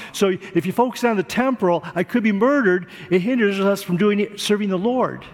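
A man's voice: sits high, brisk, long reverb tail. A man preaching a sermon, earnest, repeating words for emphasis. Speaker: pastor.

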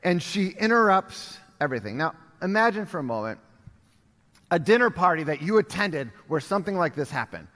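A man's voice: on the high side, very animated, brisk, fairly bright tone, big-room sound. A man preaching a sermon, telling a story and acting out bits of dialogue with casual asides. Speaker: pastor.

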